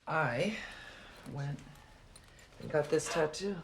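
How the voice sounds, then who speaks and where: An actor playing a cocky, joking teenage boyfriend in film dialogue. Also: male voice, fairly high pitch, slow, background noise.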